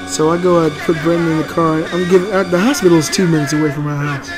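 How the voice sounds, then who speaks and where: A man hosting a channel, telling a family story casually and acting out the quoted lines loudly. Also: a little high, steady tone, quick pace, few pauses, faint music behind. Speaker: channel host and father.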